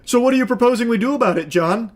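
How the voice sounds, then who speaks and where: A man's voice: very high voice, animated, racing. A man giving reaction commentary, ranting sarcastically and swearing freely.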